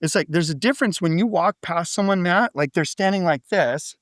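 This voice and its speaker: A man speaking as a podcast guest, telling stories in a loose, animated way, full of "like" and "right?". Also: high voice, a little fast, no echo, clean studio sound. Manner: animated storytelling, frequent "like" and "right?". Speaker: podcast guest, business coach. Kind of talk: casual interview talk.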